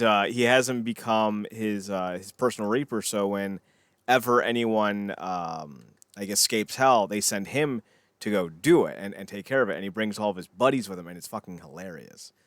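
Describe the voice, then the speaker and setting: A man's voice: fairly low pitch, fairly bright tone, dry recording, studio quality. A man co-hosting a casual podcast, rambling and swearing, often trailing off into mumbles. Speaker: podcast co-host.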